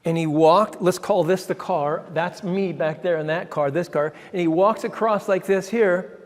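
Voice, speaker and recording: Man, high voice, excitable storyteller, stumbling restarts, church hall with long reverb. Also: normal speed. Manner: excitable, with frequent restarts and chuckles. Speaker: ministry founder giving a talk. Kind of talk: animated personal storytelling.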